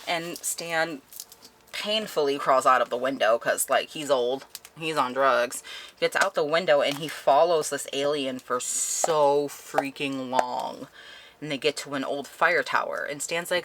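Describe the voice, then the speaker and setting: A woman's voice: low-pitched, measured pace, fairly bright tone, slight background noise. A young woman chatting animatedly through a book review, laughing often as she retells the plot. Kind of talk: casual spoken book review.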